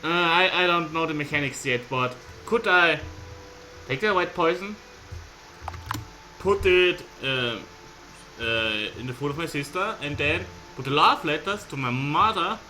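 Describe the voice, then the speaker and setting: A man giving playful, excitable let's play commentary while reading game text aloud. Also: fairly high pitch, a little slow, a little hiss or hum, rough recording. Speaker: gameplay commentator.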